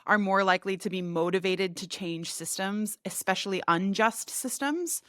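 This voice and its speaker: A woman hosting a casual podcast conversation, reflective and quick to laugh, sometimes reading quotes aloud. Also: medium pitch, a bit bright, clear, resonant tone, no room sound, clean studio sound. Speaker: podcast host.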